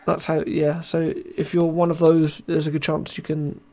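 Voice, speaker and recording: Tired young British man, slightly high voice. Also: completely flat delivery, normal speed, dark tone. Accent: British English. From Britain. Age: young adult. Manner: rambling, self-mocking, reads chat aloud. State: tired, voice wearing thin. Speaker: podcast host. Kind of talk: casual live podcast chat.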